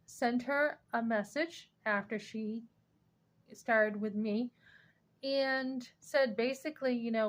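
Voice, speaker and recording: A woman's voice: a little high, takes it slowly. New hampshire woman ranting on her vlog, rambly, defensive, lots of um and you know. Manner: animated, rambling, defensive storytelling with many fillers. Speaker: vlogger. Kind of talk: casual personal rant.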